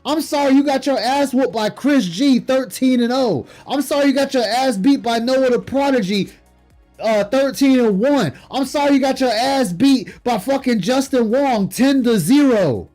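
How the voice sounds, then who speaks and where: High-voiced man on a profane stream rant. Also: normal speed, soft background music. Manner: profane, scornful, shouting in bursts. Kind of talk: heated late-night stream rant. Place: home streaming setup.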